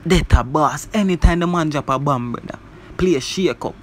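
A man casually reviewing a song, talking in an animated way and filling his lines with "bro" and "you see me". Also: fairly high pitch, normal speed, slight background noise. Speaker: music reviewer.

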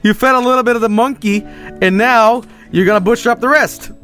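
A man streaming a game, talking casually and swinging between low mutters and loud exclamations. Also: a little fast, faint music behind. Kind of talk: livestream game commentary.

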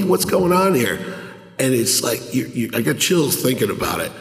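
A middle-aged man telling a lively story on a convention panel, acting out the voices of the people in it. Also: medium pitch. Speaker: podcast panelist. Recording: echoey hall, roomy reverb.

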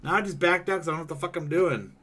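A man's voice: on the high side, rapid-fire, pushed and bright. A young man streaming a video game, ranting heatedly and swearing constantly in casual chat with a friend. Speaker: gaming streamer.

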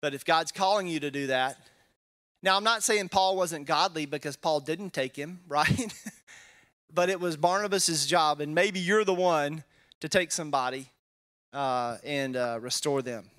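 A Texan pastor preaching in a relaxed, conversational way, his voice bright and forceful. He sits a little above the usual male pitch and often checks in with his listeners as he teaches. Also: normal speed. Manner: conversational, asks the audience "right?". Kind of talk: sermon, Bible study teaching.

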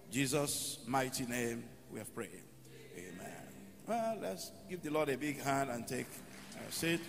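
A man's voice: mid-range voice, expressive, a little slow, creaky. A male pastor preaching a sermon, telling short stories and leading the congregation in prayer. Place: church hall. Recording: long church hall reverb, faint music.

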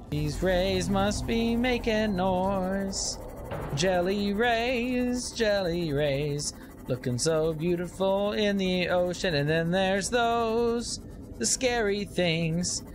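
Male let's play host, slow and lively, clear music bed underneath. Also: high voice. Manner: excitable, shouting at scares. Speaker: gameplay recap host. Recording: commentary over game music.

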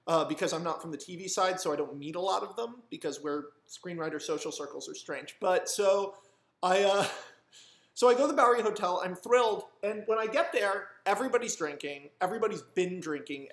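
Young screenwriter, animated rambling storyteller, high voice, roomy sound. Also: male voice. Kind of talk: casual storytelling monologue. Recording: roomy echo.

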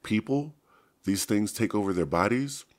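A man's voice: on the low side, fast, voice pushed up, close to an everyday voice. A man voicing a bold, demanding teenage girl in an audiobook. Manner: demanding, blunt.

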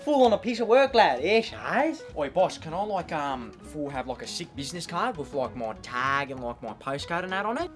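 A man's voice: on the high side, very animated, normal speed, soft background music. A man playing a brash, crude young male eshay slacker at an office job, with a slangy Australian accent and a swaggering, mouthy delivery. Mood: cocky. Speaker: office worker. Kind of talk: comedy sketch acting.

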